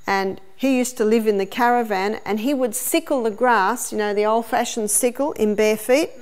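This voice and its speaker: A woman's voice: fairly high pitch, moderate pace, clear, resonant tone. A middle-aged woman, a health educator, giving a teaching seminar with a demonstration. She tells stories and explains each step. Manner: story-telling, explaining step by step.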